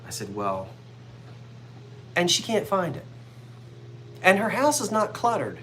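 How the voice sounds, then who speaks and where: A woman from South Jersey with a South Jersey accent, hosting a live online sale and telling stories in a casual, animated way. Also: on the low side, measured pace, a little hiss or hum. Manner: chatty storyteller, animated, laughs easily.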